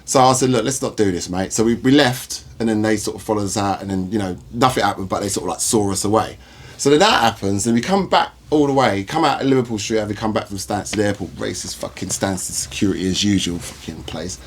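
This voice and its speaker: A man hosting a podcast, telling stories in casual chat, animated and swearing, acting out the people in them. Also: lowish voice, fast talker, husky. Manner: animated storyteller, swears, acts out voices. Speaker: podcast host.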